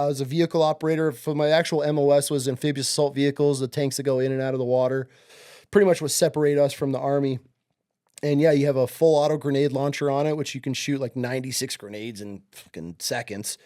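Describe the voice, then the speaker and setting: Animated, profane man telling war stories. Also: on the high side, fairly quick. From upstate New York, USA. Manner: animated, profane, acts out people in his stories. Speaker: podcast guest. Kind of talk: casual storytelling.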